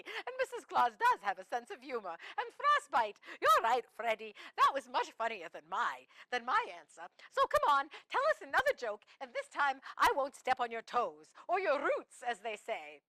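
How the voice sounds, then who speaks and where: Woman playing cheerful Mrs Claus: sing-song children's host, bright tone, lively pitch. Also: normal speed, no echo, heavily acted. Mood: jolly. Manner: sing-song, exaggerated, giggly. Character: jolly Mrs Santa Claus, warm grandmotherly hostess. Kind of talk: children's TV character hosting.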